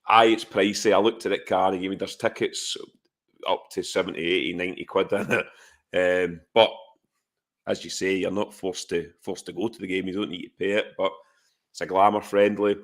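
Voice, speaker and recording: A man's voice: deep voice, flat delivery, normal speed. A Scottish man co-hosting a podcast, chatting casually about football and rambling with plenty of fillers. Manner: rambling, lots of "aye" and "um" fillers. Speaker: podcast co-host.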